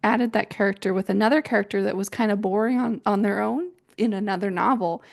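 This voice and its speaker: A woman's voice: mid-range voice, brisk, vocal fry. A woman co-hosting a writing podcast, chatting casually and self-mocking as she recounts conference advice. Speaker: podcast co-host. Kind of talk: casual chat.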